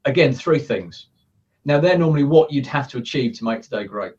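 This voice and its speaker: In a laid-back interview, an earnest coach explains his coaching approach, taking on different voices for the thoughts he quotes. His mid-range voice moves a little quickly, and because he's sitting some way from the mic in his office, the audio comes across dull and muffled.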